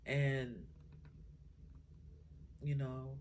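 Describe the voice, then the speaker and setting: A middle-aged woman, a mother, talking from the heart about raising her children, halting often and getting tearful at times. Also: sits low, a little mellow, slight background noise. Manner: emotional, halting, many fillers. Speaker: mother sharing her story. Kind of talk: heartfelt personal talk.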